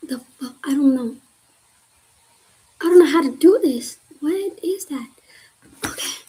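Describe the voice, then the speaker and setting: A woman's voice: high-pitched, mellow, poor audio. A young woman on a study livestream, thinking aloud in a casual, slangy way as she mutters and half-whispers through problems. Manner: casual, slangy, swears freely. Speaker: student livestreamer.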